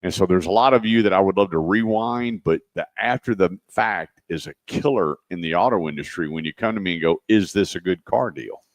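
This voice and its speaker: A man with a low, deep voice hosts a car radio show, chatting loosely and telling folksy stories in which he acts out the voices of the people involved. The studio sound is dry and close, with no room echo. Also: fairly quick, few pauses. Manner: folksy storyteller acting out quoted voices. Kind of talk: casual radio talk.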